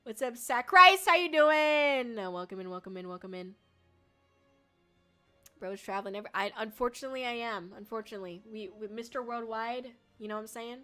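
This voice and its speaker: Faint music plays behind a young VTuber as she chats casually with viewers on her livestream. She's bubbly and giggly with plenty of filler words, and her voice is a little high and sharp-toned at a slightly fast pace.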